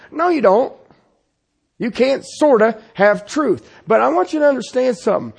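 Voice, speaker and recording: A man preaching a sermon as pastor, swinging from loud insistence to hushed, pleading passages. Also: extremely high pitch, animated, moderate pace, gravelly, slightly rough.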